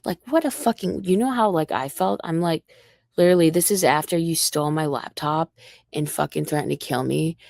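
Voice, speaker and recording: A woman's voice: deep voice, a little fast, creaky, darkish tone, no echo, studio quality. A young woman delivering a profane, confrontational livestream rant aimed directly at one man.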